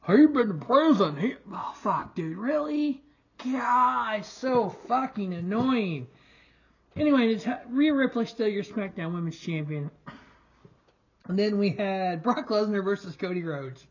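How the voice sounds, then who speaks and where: A man's voice: sits high, animated, a little slow, dull audio. A young man hosting a casual wrestling review show, ranting in a frustrated, profane way with lots of restarts.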